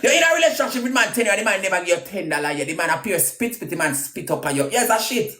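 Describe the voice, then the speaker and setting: A Jamaican woman ranting crudely on a live video, trading loud insults and singsong taunts. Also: mid-range voice, expressive, fast. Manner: loud crude cussing, sing-song taunts. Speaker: social media personality. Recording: roomy echo.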